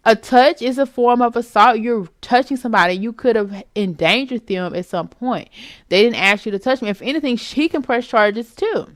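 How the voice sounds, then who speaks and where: A woman's voice: fairly high pitch, moderate pace, dry recording, clean studio sound. A woman hosting her own vlog, giving her opinions in a casual, emphatic commentary and calling the listener "baby".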